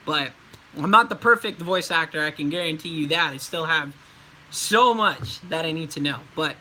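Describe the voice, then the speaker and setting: A man's voice: on the high side, moderate pace, sharp tone, a little hiss or hum, rough recording. A young adult man, a voice actor, giving casual livestream tips in a chatty, loose way, with many fillers and restarts.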